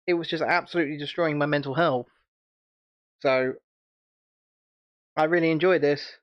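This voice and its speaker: A man's voice: fairly high pitch, fairly even intonation, normal speed, muffled recording. A British man hosting a casual livestream chat, chatty and rambling, and laughing often. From United Kingdom. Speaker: channel host.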